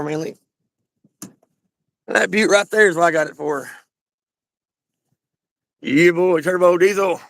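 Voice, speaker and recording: A man's voice: high-pitched, gravelly, a bit bright, dry recording. A man with a Southern Kentucky accent hosting a garage channel, rambling and swearing in a joking way as he shows off his truck. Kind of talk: casual garage walkthrough.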